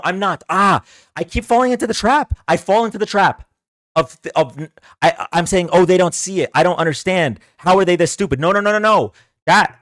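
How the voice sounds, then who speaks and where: A man's voice: fairly high pitch, a bit bright, no echo. A man hosting a livestream political debate, ranting in a combative, sarcastic way and taunting his viewers to come on and argue. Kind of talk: heated livestream political rant.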